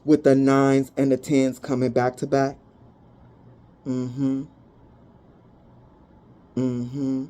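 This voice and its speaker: A woman's voice: rumbling low, flat delivery, drawn-out words, pauses often, dark tone. A woman giving a casual spoken tarot reading, talking bluntly and animatedly, with frequent swearing. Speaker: tarot reader.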